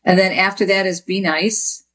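A woman's voice: medium pitch, moderate pace, poor audio. A woman author from Jersey City with a New Jersey accent, a guest explaining her book and telling stories about her mother. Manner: lively storyteller, quotes her mother.

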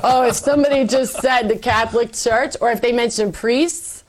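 A woman guest telling her faith story in an interview, animated and acting out her past self. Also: on the high side, moderate pace. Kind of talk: personal faith testimony.

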